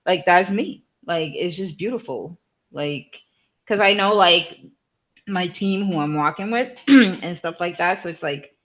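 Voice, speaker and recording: A woman's voice: on the low side, a little slow, muffled recording. Playful laughing woman, casual chat. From Cape Verde. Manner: laughs often, playful, slangy. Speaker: guest.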